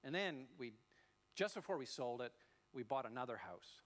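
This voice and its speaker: A man's voice: mid-range voice, moderate pace. A middle-aged man preaching a sermon as a pastor, telling stories and acting out voices as he goes. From Australia. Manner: animated storytelling, acting out voices. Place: church.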